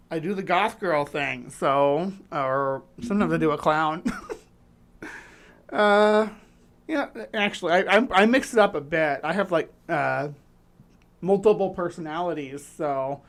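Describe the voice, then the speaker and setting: A woman hosting a casual livestream chat, rambling and restarting her sentences with lots of fillers. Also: low voice. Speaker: livestream host.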